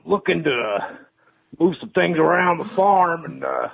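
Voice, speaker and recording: A male caller on a tinny, phone-like line, with a high, heavily gravelly and husky voice. He rambles with lots of fillers and then switches to shouted accusations. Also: a little slow. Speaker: prank caller. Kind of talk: call-in phone conversation.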